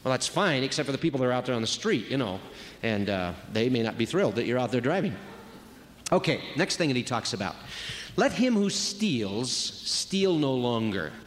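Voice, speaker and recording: A man's voice: mid-range voice, lively intonation, fast talker. A man giving a conversational sermon on marriage, acting out quoted voices as he goes. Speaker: speaker at a marriage retreat. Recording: long reverb of a large hall.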